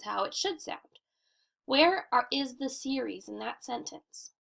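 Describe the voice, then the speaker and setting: A woman teacher giving a recorded grammar lesson for children, speaking clearly and deliberately and slowing down to model reading aloud. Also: sits high, lively intonation, fairly bright tone.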